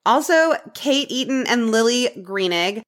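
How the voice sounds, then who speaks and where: Unhurried, lively-voiced woman podcast co-host. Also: a little high. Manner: unhurried, lively intonation, laughs easily. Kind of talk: casual chat.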